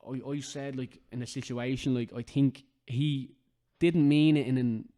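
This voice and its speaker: A man's voice: medium pitch, fairly even intonation, a little slow, dark tone. An Irish man hosting a casual podcast chat, talking earnestly and emphatically and repeating his points for stress. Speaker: podcast host.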